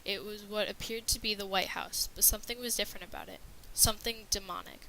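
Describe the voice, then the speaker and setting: A woman's voice: mid-range voice, steady tone, quick pace, pushed and bright, slight background noise, low-quality recording. A woman narrating a scripted horror story with a dramatic reading manner.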